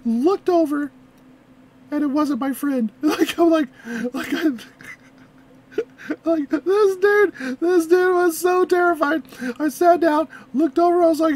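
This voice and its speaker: A young woman hosting a reaction video, chatting casually, laughing often, and rambling through animated anecdotes. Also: high voice, normal speed.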